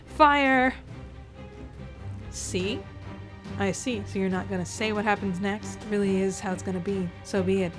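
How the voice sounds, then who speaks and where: A woman reads a long story aloud in a theatrical, sarcastic manner and breaks off for asides. Her voice is mid-pitched, and faint music plays behind her. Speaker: reader reacting to fan fiction. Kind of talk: dramatic reading aloud.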